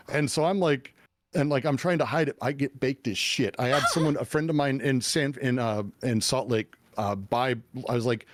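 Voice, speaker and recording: رجل يحكي قصته بحماس وبلا تكلف. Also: male voice, medium pitch, moderate pace, dry recording. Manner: animated, swearing, many fillers and restarts. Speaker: interview guest. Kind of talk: casual storytelling.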